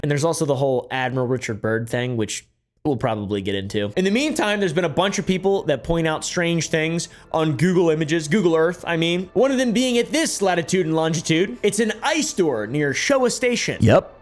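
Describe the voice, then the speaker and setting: A young man riffing through comedic commentary in a slightly high voice. He's sarcastic and quick with asides, and a little music sits behind him. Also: animated. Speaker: host.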